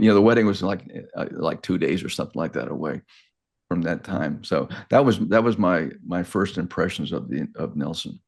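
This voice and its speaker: Older male guest, very low voice, rambling halting storyteller who restarts mid-sentence; casual, unpolished delivery. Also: gravelly. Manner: halting, repeats words and restarts often.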